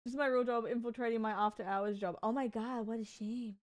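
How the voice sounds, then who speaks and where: High-voiced streamer laughing through her reactions. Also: fairly even intonation, a little fast. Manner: laughs often, chatty, reacts with amused exclamations. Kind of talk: casual live-stream chat, reacting to clips.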